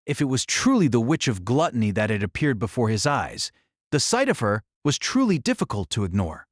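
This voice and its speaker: A man narrating an audiobook in an expressive, dramatic storytelling manner. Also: mid-range voice, a little fast, no echo, clean studio sound.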